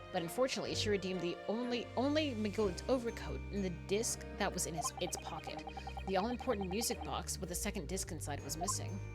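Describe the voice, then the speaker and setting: A woman reads out a man confessing his crime, in a low-ish, measured voice. The lines carry a quiet, lightly dramatic weight, read over clear game music. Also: close to an everyday voice. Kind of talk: reading game text aloud.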